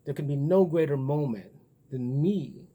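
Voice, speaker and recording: A man's voice: on the high side, a little slow, dark tone. A man talking in a casual, rambling monologue, blunt and profane as he muses aloud. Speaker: vlogger.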